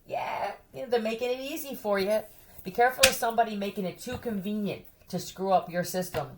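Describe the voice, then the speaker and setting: A woman's voice: medium pitch, fairly quick, slight background noise. A woman chatting casually with her viewers, blunt and profane, often breaking into laughter. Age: adult who has a son.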